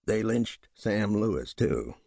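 A man voicing a drunk, fiery backwoods man who talks in rough rural dialect, loud and goading. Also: on the low side, sing-song, slow pace, no room sound, studio quality, exaggerated voice. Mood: taunting.

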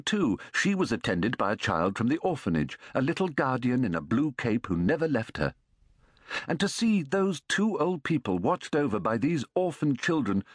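A man narrating a story aloud in a measured, expressive reading as an audiobook narrator. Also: on the high side, no echo, studio quality.

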